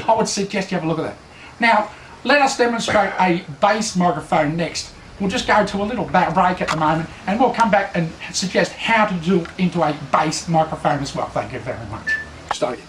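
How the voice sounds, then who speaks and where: Sarcastic Australian man, high voice. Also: fairly bright tone, echoey room, a little hiss or hum. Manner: sarcastic, mocking, lecturing. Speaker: mock instructor. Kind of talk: satirical comedy lecture.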